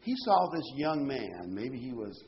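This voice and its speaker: A man preaching a sermon in a conversational, animated way. His pitch jumps up when he quotes people. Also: a little slow. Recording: dull lo-fi sound with faint noise.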